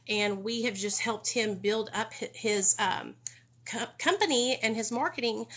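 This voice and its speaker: A woman's voice: mid-range voice, bright, forceful tone. Young adult woman, casual live-stream vlogger, emphatic and a bit defensive. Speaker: vlogger on recovery.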